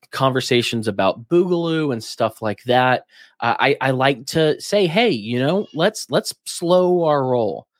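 A man's voice: mid-range voice, no room sound. Emphatic man on a dry podcast mic. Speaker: podcast co-host. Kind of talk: casual political chat.

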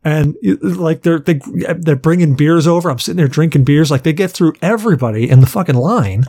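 Man, fairly high voice, casual podcast co-host, profane rambling storyteller. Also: a little fast, dark tone. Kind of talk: casual chat.

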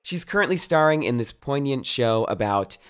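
A man's voice: mid-range voice, lively intonation, moderate pace, smooth. A man hosting a podcast, bubbly and playful as he opens the show. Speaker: podcast host. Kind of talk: podcast intro and chat.

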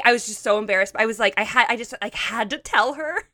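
A chatty woman in her thirties tells stories in a breathless, gushing rush, filling every gap with "like." Her voice is bright and forward but a little hoarse, worn from a late night out. The sound is dry and close, with no room around it. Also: a little high, fast talker, no room sound. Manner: bubbly, gushing storyteller with lots of "like". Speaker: podcast co-host. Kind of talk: casual chat.

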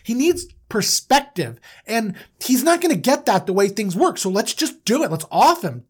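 A woman's voice: medium pitch, very animated, normal speed, hardly any pauses, a little mellow, slightly rough. A woman retelling a story in an irreverent, playful comedic style.

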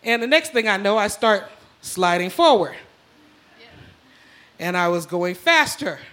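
Performing live on a club stage, a woman tells a funny personal story in a bright, ringing, mid-range voice at a measured pace. She's animated and profane, laughing as she talks and shouting out the punchlines.

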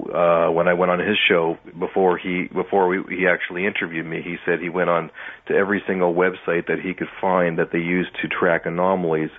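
A man, a musician guest, telling his own story in a casual interview and acting out his past reactions. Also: low voice. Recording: tinny phone line.

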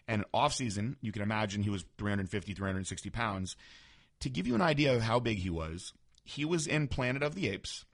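A man's voice: fairly low pitch, a bit bright. Frank man telling a story. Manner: candid, frank, conversational. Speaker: former bodybuilder. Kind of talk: casual storytelling monologue.

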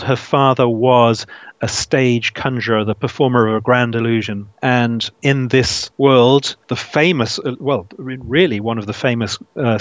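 A man being interviewed about his writing, speaking thoughtfully with frequent restarts and soft laughs. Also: mid-range voice, no room sound. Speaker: author guest. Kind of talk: casual interview. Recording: dull dry lo-fi sound.

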